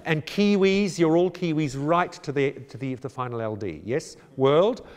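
A man directing a choir rehearsal, brisk and encouraging, with jokey asides, and he sings out phrases to demonstrate. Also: fairly high pitch. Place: church or large hall. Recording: long hall reverb.

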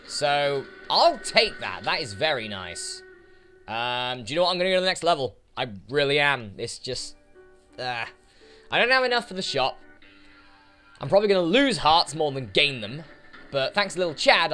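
A YouTuber playing a game talks to its enemies in casual let's play commentary, his voice on the high side with a sharp tone. The game's music can be heard behind him.

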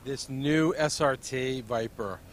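A man, an automotive editor, answering interview questions in a knowledgeable, measured way with hesitant fillers. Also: medium pitch, slight background noise. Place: busy convention hall booth.

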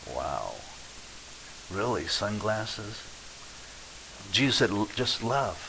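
A male pastor preaching a sermon, lively and acting out quoted voices, swinging between loud and quiet. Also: fairly low pitch, takes it slowly, long pauses, noisy background.

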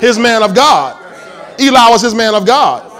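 A man's voice: very high-pitched, very animated, moderate pace, fairly bright tone, a faint crowd. A male pastor preaching a sermon in a church, emphatic and full of call-and-response questions to the congregation.

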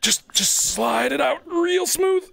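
A man streaming a video game, commenting casually, excitable and swearing as he yells at the game. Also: extremely high pitch, slow pace, vocal fry, noisy background.

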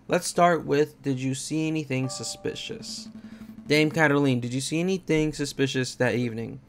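A man's voice: medium pitch, normal speed. A man commenting on a game he plays, reading its dialogue aloud and joking about it. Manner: reads dialogue aloud in plain voices, jokey asides. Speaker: let's play gamer.

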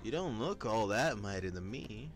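A man's voice: lowish voice, very animated, normal speed. A man voicing a scheming male turtle villain in a game, boastful and sneering.

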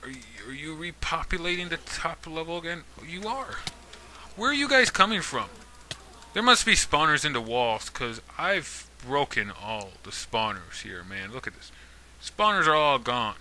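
A man's voice: fairly high pitch, very animated, moderate pace, pushed and bright, a little hiss or hum. A man giving casual let's-play commentary, talking to game mobs in a jokey, mock-menacing way. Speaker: gaming YouTuber.

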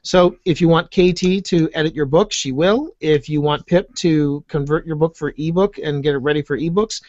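A man's voice: fairly high pitch, darkish tone, dry recording. Chatty American man on a dull, dry line. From United States. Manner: chatty, jokey, with quick restarts. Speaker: author and podcaster guest. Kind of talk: casual conversation.

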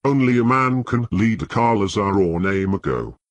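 A man's voice: on the low side, lively intonation, moderate pace, no echo, lightly acted. A man voicing a stubborn young warrior. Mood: reluctant.

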